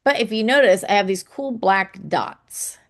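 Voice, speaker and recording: A woman's voice: mid-range voice, unhurried. A woman explaining poetry to children in a casual teaching manner, often checking in with "okay?" and tapping out rhythms aloud.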